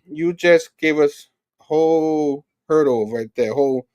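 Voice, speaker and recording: A man with a slightly high voice chats on a relaxed podcast, rambling and joking as he talks. His voice is a little hoarse and worn, as if he is losing it. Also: measured pace, muffled recording. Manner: laid-back, jokey, rambling. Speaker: co-host. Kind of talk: casual podcast chat.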